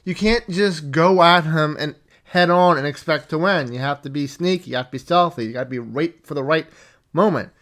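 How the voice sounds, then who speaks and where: A man retells a tabletop session he ran as game master, rambling along and cursing freely. His voice sits a bit higher than most men's. He slips into quick impressions of his players and characters as he goes. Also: fairly bright tone. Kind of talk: casual storytelling recap.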